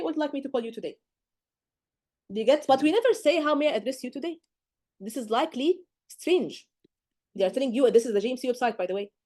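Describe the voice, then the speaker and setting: Woman doctor tutoring exam students, kinda high but mellow voice, keeps going "okay? do you get?". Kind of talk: live lecture to students.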